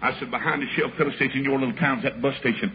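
An older preacher tells a story in a folksy, dramatic way, acting out each person's voice. His voice sits at an ordinary middle pitch. The old recording sounds muffled, with clear hiss behind him. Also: racing. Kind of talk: storytelling sermon.

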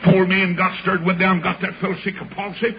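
A man preaching a revival sermon, impassioned and often breaking into shouts, with many "uh" fillers. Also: high-pitched, level tone, brisk. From North Carolina, US. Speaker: evangelist preacher. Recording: dull lo-fi sermon recording with congregation.

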